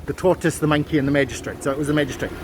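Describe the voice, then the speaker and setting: A man's voice: on the high side, little pitch movement, very fast. A man telling a folk tale while walking a town street, chatty and full of asides. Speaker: travel vlogger. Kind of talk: casual walking vlog and storytelling. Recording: outdoor street with passing cars. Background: traffic.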